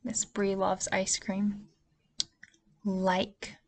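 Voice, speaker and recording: A woman's voice: mid-range voice, monotone, drawn-out words, a little mellow. A woman teacher giving a spelling lesson to young children, patient and stretching out the vowel sounds. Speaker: early-years teacher.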